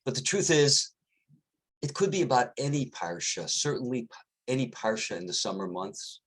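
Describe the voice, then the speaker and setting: A man, a rabbi, giving a short sermon as an expressive storyteller. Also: mid-range voice, moderate pace, slightly rough.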